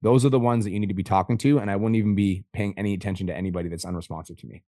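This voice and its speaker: Fast-talking, blunt Canadian coach. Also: male voice, on the low side, no echo, studio quality. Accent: Canadian English. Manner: blunt, profane, fast and animated. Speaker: business coach and host. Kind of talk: casual coaching call.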